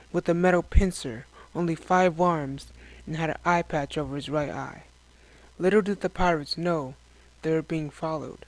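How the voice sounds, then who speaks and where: A man reading a scripted science-fiction story aloud as narrator, in a steady, descriptive way. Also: fairly high pitch, dry recording, poor audio.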